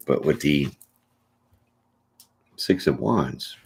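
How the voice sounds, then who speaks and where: A man's voice: very deep voice, expressive, extremely slow, gravelly, husky. A man doing a casual, chatty tarot reading, joking and laughing often as he goes through the cards. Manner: chatty, laughs often, jokes and acts out little bits. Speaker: tarot reader.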